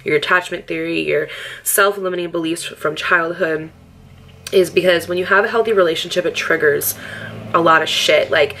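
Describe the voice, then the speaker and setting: A young woman talks to her camera in a casual, candid chat, her voice sitting a little low for a woman. She is upbeat and affectionate, laughs often, fills her talk with "like" and swears freely. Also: moderate pace, sharp tone, a little hiss or hum. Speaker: lifestyle vlogger. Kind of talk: casual get-ready-with-me chat.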